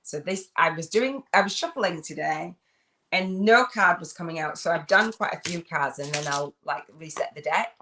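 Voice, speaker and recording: A chatty woman hosts a casual live stream, her voice sitting low for a woman. She reads aloud in halting stretches, stumbles and restarts, and breaks into laughter often. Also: sharp tone, a little hiss or hum. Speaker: host. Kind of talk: casual livestream chat.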